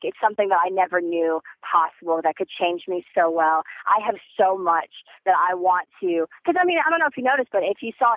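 A young woman on a phone call as a podcast guest, talking in an excitable, rambling way with many fillers. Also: medium pitch, dry recording. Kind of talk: phone interview. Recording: tinny phone line.

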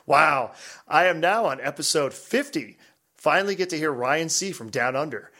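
A man's voice: fairly high pitch, animated, normal speed, sharp tone. A man co-hosting a podcast, reading listener emails aloud in casual chat and laughing often. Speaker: podcast co-host.

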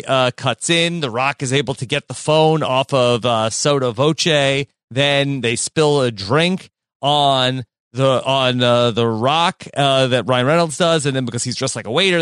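A man's voice: mid-range voice, fairly bright tone, clean tone, no echo, clean studio sound. A man co-hosting a casual movie podcast, recapping the plot with a lot of fillers. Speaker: podcast co-host.

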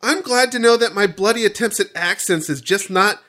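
A man's voice: high-pitched, normal speed, pushed and bright. An American man co-hosting a podcast in a jokey, playful, theatrical chat. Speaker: podcast co-host.

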